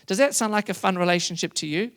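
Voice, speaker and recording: A man preaching a sermon to a congregation, animated and emphatic, rising into loud emphasis. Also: high voice, fast, smooth. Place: church hall before a congregation.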